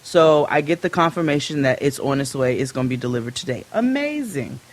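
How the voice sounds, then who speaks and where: A woman co-hosting a podcast, telling a story in a casual, profane and animated way and acting out both sides of it. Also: rumbling low, brisk. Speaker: podcast co-host.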